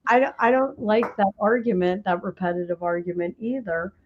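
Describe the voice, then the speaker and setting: Woman co-host, mid-pitch, blunt and mocking; dull lo-fi audio. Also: fairly quick, a crowd in the background. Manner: blunt, mocks the argument she reads. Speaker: co-host in a legal discussion. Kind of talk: casual chat and reading aloud.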